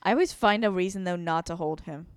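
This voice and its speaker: A woman's voice: fairly low pitch, quick pace, smooth, dry recording, clean studio sound. A young woman co-hosting a casual podcast, talking in an anxious, self-deprecating, rambling way. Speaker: podcast co-host. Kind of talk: casual chat.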